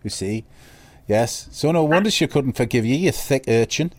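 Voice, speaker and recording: A man's voice: medium pitch, expressive, moderate pace, background noise. A man, co-hosting casual studio banter in a teasing, blunt, jokey way.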